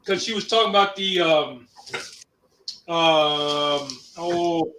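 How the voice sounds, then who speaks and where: A man from Ohio co-hosting a casual cooking show, talking in a rambling, halting way with many fillers. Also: on the high side, pushed and bright, a little hiss or hum. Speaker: co-host. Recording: roomy sound, mic at a distance.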